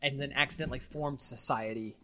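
A man hosting a casual podcast chat, animated and often stumbling and repeating his words. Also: medium pitch, a little fast. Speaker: podcast host.

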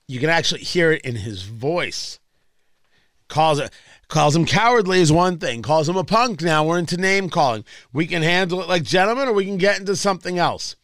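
A man's voice: a little high, fairly bright tone, no room sound, clean studio sound. A man hosting a political talk radio show, delivering a sarcastic, mocking monologue full of rhetorical questions. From Indianapolis area.

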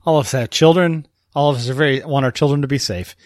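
A man's voice: medium pitch, quick pace, a little mellow, no echo, studio quality. A man hosting a casual comedy podcast, joking and laughing often. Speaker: podcast host.

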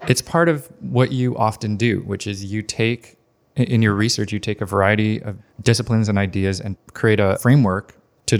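A man hosting a podcast interview, asking friendly, curious questions. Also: fairly low pitch. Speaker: podcast host.

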